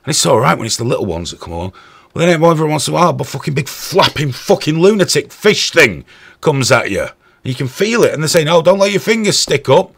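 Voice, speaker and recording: A man hosting a podcast, telling stories in a profane, animated way. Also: fairly high pitch, fast talker, gravelly, slightly rough. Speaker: podcast host. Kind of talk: casual chat.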